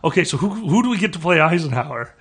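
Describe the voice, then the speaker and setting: A man's voice: on the high side, animated, fast talker, fairly bright tone, slightly rough. A man co-hosting a comedy podcast, riffing in crude, brash banter. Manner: brash, crude, laughing riffs. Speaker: podcast co-host.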